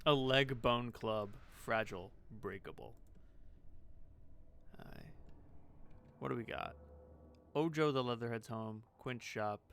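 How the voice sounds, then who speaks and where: A man commenting on a game as he plays, reading its text aloud and adding dry little jokes. His voice sits at an ordinary pitch with a noticeable gravelly fry running through it. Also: slow pace, pauses often, a bit bright, a little hiss or hum. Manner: wry, joking asides. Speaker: let's play host.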